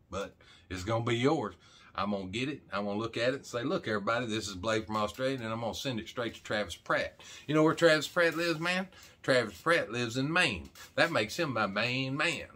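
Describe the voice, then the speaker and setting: A man's voice: medium pitch, brisk, pushed and bright. A middle-aged man from Arkansas, chatting casually and rambling as the host of his own vlog, folksy and jokey. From Arkansas, USA. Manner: folksy, jokey, talks straight to camera with a lot of "man". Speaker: channel host.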